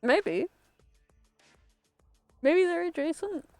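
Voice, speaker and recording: A woman's voice: very high voice, animated, extremely slow, dry recording, soft background music. A woman streaming a video game, chatting casually in a rambling, self-interrupting way and laughing often.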